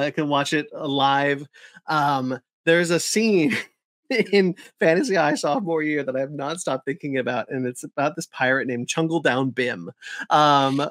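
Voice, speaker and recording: A man co-hosts a podcast, chatting casually and enthusiastically, rambling with lots of fillers and restarts. His voice is a little high and a bit bright, captured in clean studio sound with no echo.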